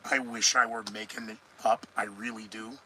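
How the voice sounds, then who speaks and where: A man's voice: on the low side, flat delivery, moderate pace, pushed and bright, slight background noise, rough recording. A man hosting a solo news commentary podcast, sarcastic and rambling, often answering his own remarks. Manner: sarcastic, rambling, talks back to himself. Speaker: podcast host.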